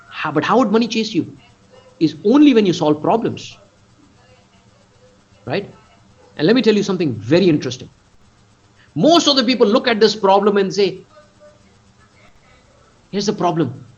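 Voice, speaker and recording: A man's voice: on the high side, slightly rough. A man in his forties with an Indian accent, giving an emphatic motivational business talk in a webinar and often quizzing his listeners. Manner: emphatic, quizzes audience, stretches key words. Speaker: business coach. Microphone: computer mic on video call. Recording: dull lo-fi webinar audio.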